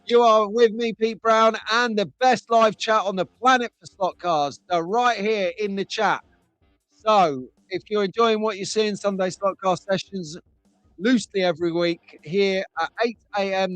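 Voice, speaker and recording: A middle-aged man hosts a live stream from his home. He chats and jokes with viewers in a slightly high voice. His dry close-miked sound sits over faint background music. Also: fairly even intonation, moderate pace, fairly bright tone, no echo. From England. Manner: chatty, jokey, reads out chat comments. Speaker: host of a live slot car stream. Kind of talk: casual live-stream chat.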